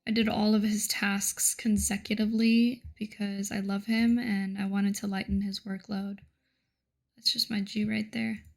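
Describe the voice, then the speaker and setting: A woman's voice: mid-range voice, flat delivery, a little slow, creaky, a little mellow. A young woman giving joking, self-mocking, chatty commentary while playing a game. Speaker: gaming streamer.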